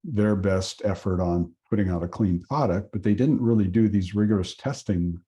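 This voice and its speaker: A man from Oregon teaching an acupuncture course, telling a patient story in an earnest way and pausing often with fillers. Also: fairly low pitch, mellow, dull audio. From Oregon, USA. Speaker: acupuncture instructor. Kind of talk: storytelling lecture.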